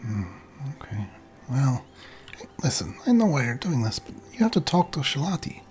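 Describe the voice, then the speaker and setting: A woman voicing a young giant, lively and mellow-voiced. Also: extremely low pitch, moderate pace, faint music behind. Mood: pleading. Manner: pleading, hesitant. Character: young giant boy, eager but sulking.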